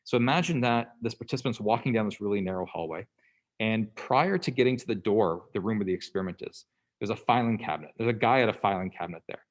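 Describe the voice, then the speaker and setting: A man with a fairly low voice gives a classroom lecture in a relaxed, conversational way. He keeps checking in with his listeners and briefly acts out the people in his examples. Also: quick pace. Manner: conversational, checks in with "okay?" and "right?"; acts out quoted people in passing.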